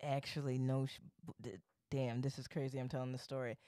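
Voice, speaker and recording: Young man, podcast co-host, animated storyteller, swearing, smooth clear voice, dry close recording. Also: medium pitch, a little fast, no echo. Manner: animated storyteller, swears freely, acts out quotes. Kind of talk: casual storytelling chat.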